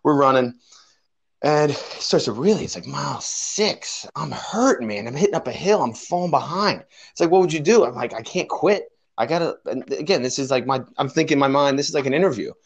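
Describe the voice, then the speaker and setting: Male guest telling a lively anecdote, mid-range voice, slips into voices for the people he quotes. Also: medium pitch, fairly quick, creaky, breathy edge. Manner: animated storyteller acting out quoted voices. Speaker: guest, personal trainer. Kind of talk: casual storytelling chat.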